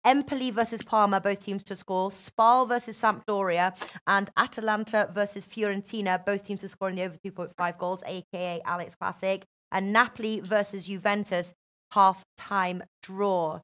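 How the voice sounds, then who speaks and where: Woman, show host, chatty, lively, mid pitch. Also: normal speed. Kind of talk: casual betting chat.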